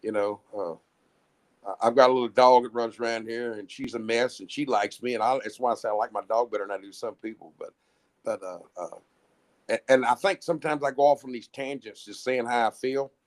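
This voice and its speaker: A man's voice: medium pitch, steady tone, fairly quick. A man telling stories in a rambling, blunt way, often restarting his sentences. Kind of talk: casual storytelling chat.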